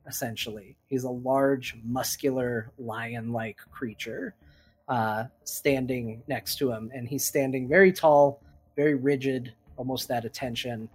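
A man serving as game master, narrating a tabletop game in a relaxed, descriptive way. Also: medium pitch, slightly rough.

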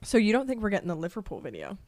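A woman's voice: medium pitch, very fast, no echo. Giggly chatty woman podcaster. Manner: giggly, rambling, excitable. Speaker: podcast co-host. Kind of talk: casual chat.

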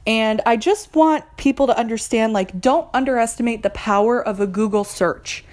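A woman's voice: a little high, moderate pace, darkish tone. A young adult woman hosting a podcast, talking candidly and encouragingly about her own therapy, with light laughs. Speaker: podcast host. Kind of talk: personal mental health podcast talk.

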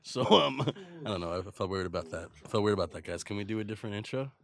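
A man's voice: fairly low pitch, lively intonation, rapid-fire, vocal fry. Man, podcast host, joking and playful, studio mic, bursts into silly noises. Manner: joking, playful, breaks into silly sounds and song. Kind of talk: casual chat. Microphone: studio microphone.

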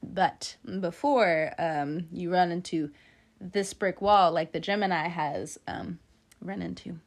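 A woman with a slightly low voice gives a casual tarot reading. She talks in a loose, chatty way, playful and quick to laugh, dropping the odd swear word. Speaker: tarot reader.

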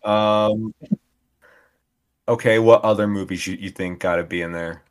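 Jokey man with a low voice. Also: steady tone, a little slow, clean tone. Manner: jokey, playful, keeps doing bits. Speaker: podcast co-host. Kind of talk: casual chat.

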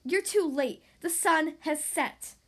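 Storybook villain: a scheming female sea witch, put on by a woman reader, slow and gloating in a raised, odd timbre. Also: high-pitched. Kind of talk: storybook reading.

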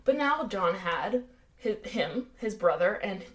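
A woman's voice: mid-range voice, lively intonation, slow pace. An American woman co-hosting a true-crime podcast in casual chat, with dry sarcastic asides. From United States. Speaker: podcast co-host.

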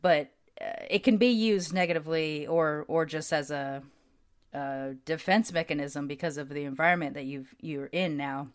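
A woman from the United States speaks in a low voice, reflecting and thinking aloud, with fillers scattered through her sentences. She is talking over a video call as a podcast guest. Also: fairly even intonation, moderate pace, clean tone. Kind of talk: casual conversation.

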